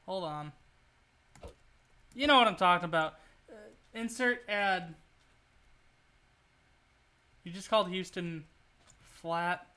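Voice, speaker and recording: A man's voice: high-pitched, slow, pauses often, bright, forceful tone, clean tone. A man streaming a video game, rambling and joking through his play and swearing when things go wrong. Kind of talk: casual gameplay commentary.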